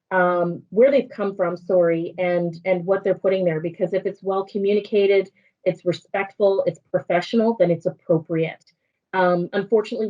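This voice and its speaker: A woman panelist from Nova Scotia with an Acadian accent in her French, speaking earnestly with many pauses and ums. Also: medium pitch, dark tone, lo-fi sound. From Nova Scotia, Acadian community. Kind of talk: panel discussion.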